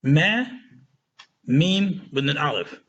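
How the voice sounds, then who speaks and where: A man teaching a casual Arabic lesson who often checks in with "right?" and "okay?" and slows down to spell out words. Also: fairly high pitch, animated, fairly bright tone, dull audio.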